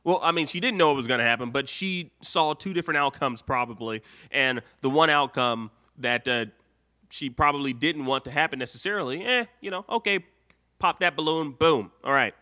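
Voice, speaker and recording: Brisk and sharp-toned, this young man's voice sits on the high side. He's hosting a live show, casually rambling, reading comments from viewers aloud, and laughing a lot.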